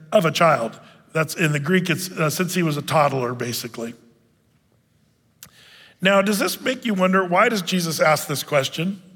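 Man preaching, high voice, animated, sudden loud bursts, long hall reverb. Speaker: pastor. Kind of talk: sermon.

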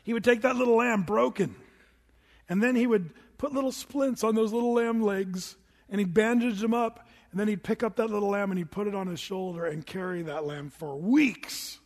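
A man's voice: high voice, moderate pace. A man preaching a sermon to a congregation, telling stories in a conversational way and asking them questions. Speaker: pastor. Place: church hall with congregation. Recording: long hall reverb from a church room.

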